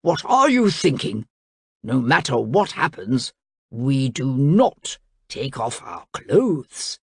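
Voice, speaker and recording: A stern, fitness-obsessed king from a storybook, as a woman reading aloud puts him on. He talks in a lowered, commanding voice with lively ups and downs. The sound is close and dry. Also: unhurried, vocal fry, breathy edge, dry recording, full character voice. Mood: shocked. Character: bossy fitness-obsessed middle-aged king.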